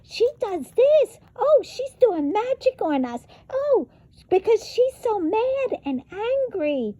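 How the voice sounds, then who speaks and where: A woman mimicking a shrill sneering detractor. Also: sing-song, slow pace, dark tone, no echo, exaggerated voice, poor audio. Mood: mocking. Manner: whiny, sneering, high-pitched. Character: shrill, mocking gossiping detractor.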